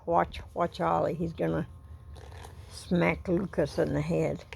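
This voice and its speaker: A woman's voice: lowish voice, a little slow, creaky. A woman at home, filming on her phone as she brushes her cats and talks to them in cooing baby talk. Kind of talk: casual pet talk. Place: at home indoors.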